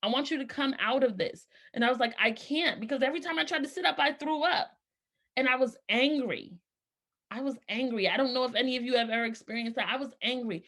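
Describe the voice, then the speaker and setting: Bright-voiced woman telling her story. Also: high voice, fast. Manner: earnest, emotional, candid. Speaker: speaker sharing her story. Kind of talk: personal testimony.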